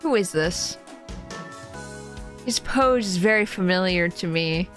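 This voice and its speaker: Excitable woman streamer, live gameplay commentary, unhurried when calm. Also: on the low side, faint music behind. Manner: excitable, shrieks and laughs, swears.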